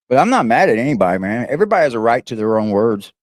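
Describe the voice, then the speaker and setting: Male reaction streamer, rambling and emphatic, mid-pitched, dry close sound. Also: sing-song, a little fast, dry recording. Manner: rambling, repetitive, emphatic with swearing. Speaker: reaction livestream host. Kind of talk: casual livestream commentary.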